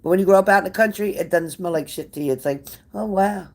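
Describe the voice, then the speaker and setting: A woman's voice: lowish voice, quick pace. A woman hosting a casual livestream, blunt and sassy, cursing freely as she answers viewer comments. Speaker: livestream tarot reader.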